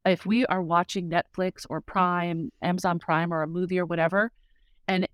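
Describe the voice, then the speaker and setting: A woman's voice: lowish voice, little pitch movement, normal speed, no room sound, studio quality. A middle-aged woman speaking as a guest, telling a personal story in an earnest, heartfelt way with frequent fillers. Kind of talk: casual conversational testimony.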